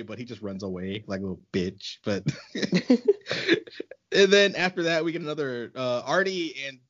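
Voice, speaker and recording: A man co-hosting a casual podcast chat, animated and exasperated, laughing often. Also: mid-range voice. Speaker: podcast co-host. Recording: muffled lo-fi.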